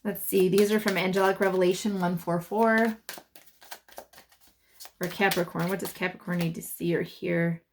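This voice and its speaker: A woman's voice: on the low side, fairly even intonation, moderate pace, pauses often, a little hiss or hum. A woman giving a casual tarot reading to her channel's viewers, chatty and full of fillers as she thinks aloud. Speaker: tarot reader.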